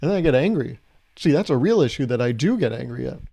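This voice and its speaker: Young man, podcast host, solo monologue, warm mellow tone, rambling and jokey, chuckles at his own bits. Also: medium pitch, very animated, fast, breathy edge.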